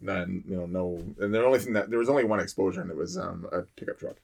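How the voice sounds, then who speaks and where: A man's voice: low-pitched, fast talker, vocal fry, a little mellow. A man, a firefighter, telling a fire call story in casual chat, rambling with many fillers and restarts.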